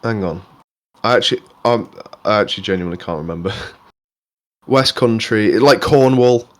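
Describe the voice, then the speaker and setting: A man's voice: on the low side, normal speed. A young man from England co-hosting a podcast in casual chat, rambling and swearing freely with many restarts. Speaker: podcast co-host.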